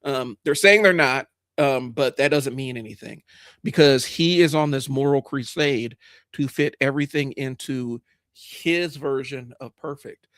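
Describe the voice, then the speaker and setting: A man with a stuffy head cold talks through a live stream in a casual, rambling monologue, full of ums and restarts. He is frank and swears now and then when something annoys him. His voice sits at a middle pitch and sounds dry and close, with no room around it. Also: measured pace, fairly bright tone, no echo. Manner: frank, rambling with many fillers and restarts, greets chat viewers.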